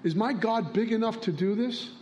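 Plainspoken New man, fairly high voice, sharing recovery stories with slight hiss behind. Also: normal speed, darkish tone. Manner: storytelling, plainspoken, acts out dialogue. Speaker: recovery meeting speaker. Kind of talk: recovery share.

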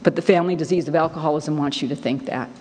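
A woman's voice: sits low, racing, a little mellow, a little hiss or hum. A middle-aged woman telling her own story at a recovery meeting, candid and wry, with lots of fillers and emphatic repeats. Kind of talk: personal testimony talk. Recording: long hall reverb.

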